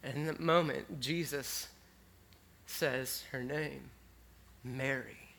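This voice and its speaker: A man preaching a sermon in a conversational, animated way, dropping to a hush and then rising with excitement. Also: medium pitch, slow, creaky. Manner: conversational, animated, swinging between hushed and excited. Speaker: pastor.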